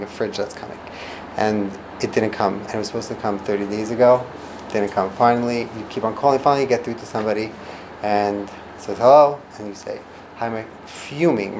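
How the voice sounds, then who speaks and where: A man giving an informal lesson on listening and calming people, acting out quoted reactions and often restarting his sentences. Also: poor audio. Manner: animated, acts out quoted reactions with big pitch jumps; frequent restarts and trailing phrases. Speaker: instructor teaching parenting and communication skills. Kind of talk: informal teaching talk. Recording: noticeable background noise.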